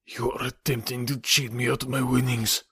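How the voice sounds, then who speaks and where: A man voicing a starving, greedy Russian castaway who sounds weak and breathy. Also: mid-range voice, flat delivery, normal speed, bright, forceful tone, no echo, clean studio sound, heavily acted. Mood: wailing.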